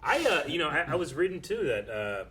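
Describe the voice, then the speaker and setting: A man's voice: on the high side, very animated, fairly quick, a bit bright. Chatty man sharing movie trivia. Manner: chatty, retelling trivia with acted quotes. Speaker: show co-host, movie reactor. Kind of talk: casual movie discussion.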